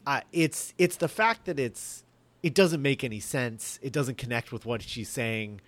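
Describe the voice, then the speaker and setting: A man's voice: medium pitch, measured pace, dry recording. A man in casual reaction chat, emphatic and exasperated as he picks apart a video. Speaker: commentator.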